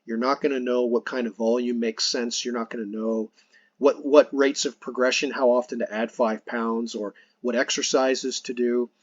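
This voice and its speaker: A man's voice: medium pitch, fairly even intonation, moderate pace, no room sound, highs cut off. A man hosting a podcast, earnestly explaining his points in casual conversation, restarting phrases as he goes. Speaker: podcast host.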